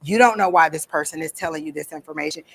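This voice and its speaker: A fast-talking woman with a low-pitched voice and vocal fry leads a workshop in an event room at a psychic fair. She's casual and blunt, and she acts out the voices she quotes.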